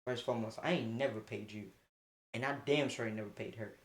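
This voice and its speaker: A young man spins a wild storytime on a casual livestream, chatting straight to his viewers. He is animated and laughs a lot, and his pitch shoots up in sudden outbursts. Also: quick pace. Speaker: streamer.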